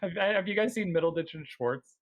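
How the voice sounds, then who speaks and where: A man running a tabletop game as game master, chatty and relaxed. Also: high voice, brisk, dull audio.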